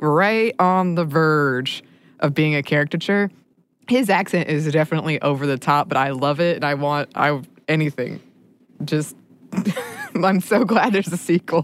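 A woman co-hosting a podcast, chatting casually and laughing often. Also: sits low. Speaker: podcast co-host.

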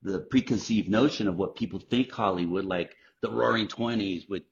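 A middle-aged man, a guest actor, telling animated, profane stories in a casual interview. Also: fairly low pitch, moderate pace, vocal fry, slight background noise. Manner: animated, profane storyteller acting out quotes. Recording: dull lo-fi podcast audio.

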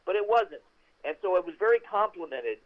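An older man, a veteran actor, telling stories as an interview guest in a chatty, animated way with many restarts. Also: high-pitched, fairly quick, narrow, tinny audio. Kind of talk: interview storytelling.

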